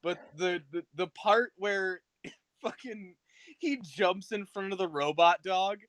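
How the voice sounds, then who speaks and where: A man's voice: sits high, takes it slowly, a bit bright, no room sound. A young man co-hosting a podcast in casual chat, playful and jokey, humming bits of tunes. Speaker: podcast co-host.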